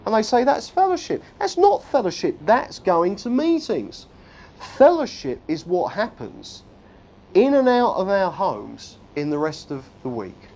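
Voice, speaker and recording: A man's voice: sits high, darkish tone. A man giving an emphatic church teaching talk, often asking his listeners "can you see?". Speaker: preacher.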